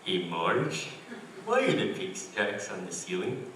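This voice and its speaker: Young man imitating a dim-witted cartoon father, lowered dopey voice, roomy echo, faint hiss. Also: huge pitch swings, slow pace, fairly bright tone, full character voice. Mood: goofy. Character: dim-witted middle-aged cartoon dad. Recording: echoey room, mic far off.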